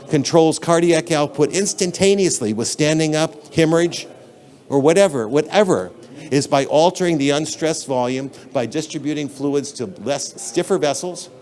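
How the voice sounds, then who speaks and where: A man's voice: fairly high pitch, darkish tone. A man giving a conference lecture in a lecture hall, talking in an emphatic, blunt and conversational way, addressing the audience directly.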